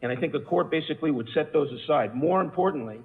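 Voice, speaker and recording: A man's voice: on the high side, lively intonation, quick pace. Male caller, argumentative legalistic comment, phone-line quality with hall echo. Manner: argumentative, legalistic, many fillers. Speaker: public commenter at council meeting. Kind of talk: formal public comment. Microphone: phone call-in.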